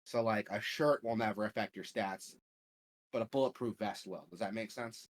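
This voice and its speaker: A man's voice: on the low side, moderate pace. A man hosting a gaming podcast, chatting casually in a profane, rambling way full of filler words. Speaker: podcast host.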